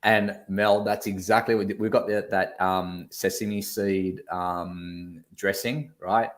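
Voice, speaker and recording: An Australian man co-hosting a casual online chat show, telling a story with lively energy and casual swearing. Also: low voice, slow pace. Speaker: co-host.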